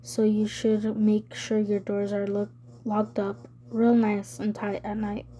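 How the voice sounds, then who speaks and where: A woman's voice: medium pitch, completely flat delivery, slow, mellow, natural voice. A woman voicing a tense, defiant teenage girl who speaks coldly and with menace. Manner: cold, threatening.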